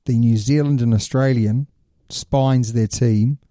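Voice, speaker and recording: A man's voice: medium pitch, fairly even intonation, measured pace, warm tone, no echo, studio quality. A man co-hosting a podcast, chatting casually and explaining his points at length. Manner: explains at length, setting up questions. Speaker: podcast co-host. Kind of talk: casual chat.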